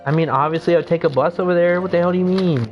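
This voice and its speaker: A young man streaming a game, rambling through casual commentary with lots of swearing and excited outbursts. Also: high-pitched, rapid-fire, highs cut off, soft background music.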